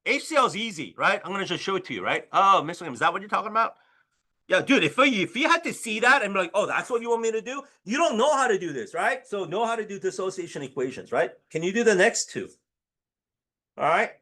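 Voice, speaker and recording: A man teaching a high school chemistry class and telling stories, with an animated delivery that keeps asking the students "right?". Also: quick pace. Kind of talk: classroom lecture with storytelling.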